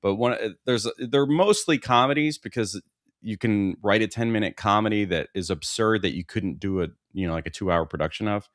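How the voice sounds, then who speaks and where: A man co-hosting a podcast, telling stories in a relaxed way. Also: on the low side, a little fast, no room sound, studio quality. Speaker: podcast co-host. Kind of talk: casual chat.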